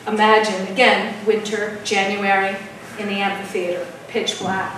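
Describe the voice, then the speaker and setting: A woman's voice: medium pitch, flat delivery, normal speed, heavy background noise. Woman telling a ghost story, very echoey. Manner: dramatic, drops to a hush at tense moments. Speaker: open mic storyteller. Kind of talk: live spooky storytelling. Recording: echoey room from far off.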